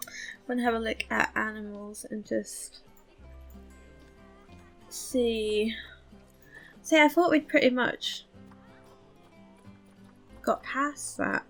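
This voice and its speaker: A woman's voice: a little high, takes it slowly, creaky, long pauses, a bit bright, faint music behind. Chatty woman narrating her gameplay. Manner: chatty, thinks aloud, self-mocking. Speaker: let's play host. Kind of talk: casual gameplay commentary.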